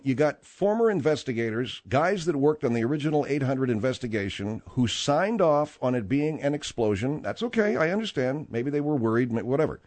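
A man's voice: medium pitch, darkish tone. A man hosting a talk radio show, delivering a combative, rambling and sarcastic monologue.

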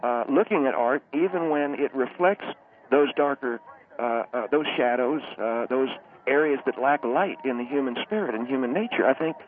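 Halting man on a tinny phone line. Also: medium pitch. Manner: halting, full of uh, earnest. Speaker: reverend calling in. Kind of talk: call-in chat.

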